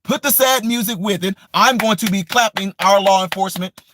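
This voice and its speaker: A man's voice: sits high, a little fast, background noise. A man delivering a combative, mocking political rant as a commentary vlogger from the United States, repeating his points with scorn. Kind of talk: ranting opinion monologue.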